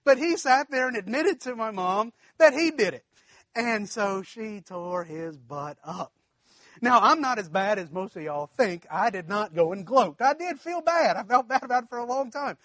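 High, bright-voiced man preaching folksy stories. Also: lively intonation, moderate pace, dry recording. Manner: folksy, chuckling, addresses the congregation directly. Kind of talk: storytelling sermon.

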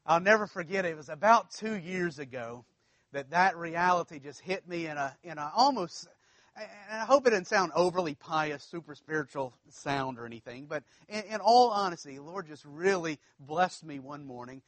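A man's voice: fairly high pitch, expressive, normal speed, a bit bright, no room sound. A man from South Louisiana with a local accent, preaching a sermon as pastor in a conversational, storytelling way with folksy asides.

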